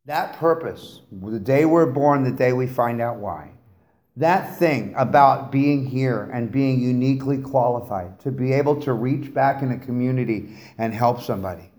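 This is a middle-aged man of medium pitch speaking at normal speed. As the guest speaker at a recovery meeting, he tells his personal story to the live audience in the meeting room, animated and funny, exchanging jokes with them.

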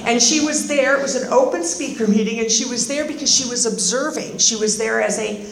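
Brief: fifties woman, recovery speaker, wry and lively, fairly high voice, roomy reverb. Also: a little fast, gravelly, slight background noise. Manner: animated, sarcastic, acts out voices. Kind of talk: personal testimony with humor. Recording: roomy echoing meeting hall.

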